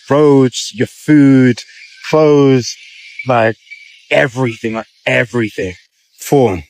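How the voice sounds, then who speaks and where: A young British man runs through a list to camera in a laid-back, slangy way. His voice sits in a middle pitch, and the sound is close and dry with no room echo. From United Kingdom. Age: 20s. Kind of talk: casual listing to camera.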